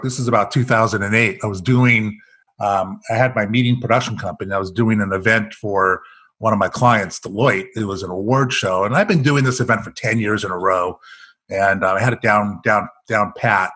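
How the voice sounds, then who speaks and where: With a fairly low voice at a moderate pace, an American man who works as an executive coach recounts stories in a podcast interview. He performs the dialogue with lively energy.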